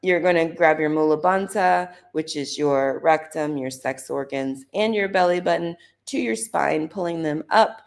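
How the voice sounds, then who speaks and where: Gravelly low-voiced woman leading yoga. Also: moderate pace, few pauses. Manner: casual, chatty instruction with fillers; rhythmic chanting of mantras. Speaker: holistic doctor leading yoga. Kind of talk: live guided Kundalini yoga class.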